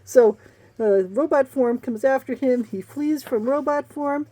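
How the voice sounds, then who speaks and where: Woman, sarcastic book reviewer, laughs a lot, mellow voice, somewhat high pitch. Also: unhurried. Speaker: book reviewer and romance novelist. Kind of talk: casual spoken book review.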